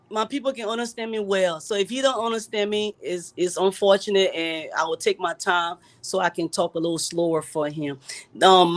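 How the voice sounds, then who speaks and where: A woman's voice: mid-range voice, pushed and bright. A middle-aged woman, a political candidate, answering in a live interview, emphatic and repeating her points for force.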